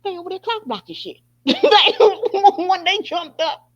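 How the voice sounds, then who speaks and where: Woman on a podcast, lively up-and-down voice, laughs a lot, cusses, kinda dull audio. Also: very high-pitched, a little fast. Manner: animated, laughing often, profane gossip. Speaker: podcast host. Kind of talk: casual commentary. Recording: dull lo-fi sound.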